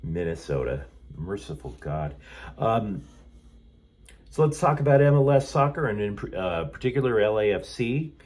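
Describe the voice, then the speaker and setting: At medium pitch and normal speed, with a darkish tone, a man runs his sports channel as a snarky monologue. He's in a hotel room, rambling sarcastically and tossing out sardonic asides.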